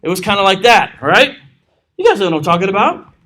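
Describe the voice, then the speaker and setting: Man, pastor, lively swooping delivery, high voice, jokey Bible study teaching. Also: brisk, slight background noise. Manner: animated, joking asides, reads scripture aloud. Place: church.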